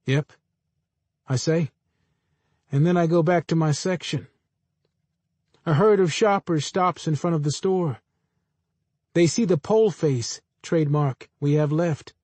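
A man reading first-person literary fiction aloud in a measured, understated way. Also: a little high, darkish tone, no room sound. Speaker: audiobook narrator.

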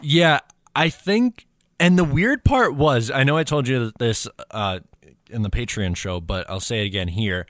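A man's voice: mid-range voice, expressive, measured pace, fairly bright tone, no echo. A man co-hosting a casual sports podcast, steadily explaining and moving each segment along. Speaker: podcast co-host.

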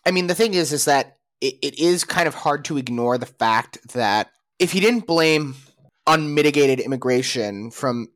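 A man chatting on a podcast in a middle-pitched voice, working through his opinions with many restarts and fillers. The sound is close and dry with no room around it. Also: lively intonation, normal speed, fairly bright tone, dry recording. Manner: rambling, restarts and hesitant fillers. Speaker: podcast co-host. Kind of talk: casual opinionated chat.

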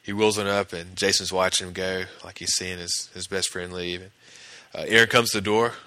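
A man's voice: low voice, flat delivery, fairly quick, pushed and bright, no echo. A man hosting a podcast, casually recapping a TV episode scene by scene and quoting the characters in his own voice.

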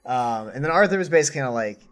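A man, a player in a tabletop game, chatting casually and laid-back, trailing off quietly. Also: medium pitch, expressive, very fast. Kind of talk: casual post-game chat.

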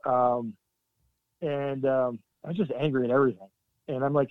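A man's voice: medium pitch, fairly even intonation, dry recording. Veteran man on a tinny line. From Canada. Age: middle-aged. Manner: earnest, halting, with sudden emphatic bursts. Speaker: military veteran guest. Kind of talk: candid interview storytelling. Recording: dry, tinny phone-like line.

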